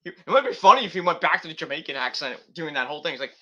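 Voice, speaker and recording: A man hosting a loose late-night podcast. His fairly high, bright voice swings widely in pitch as he rambles. He swears freely and fills gaps with ums and uhs. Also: big pitch swings, racing, hardly any pauses. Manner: rambling, profane, many fillers. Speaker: podcast host. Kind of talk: casual late-night wrestling chat.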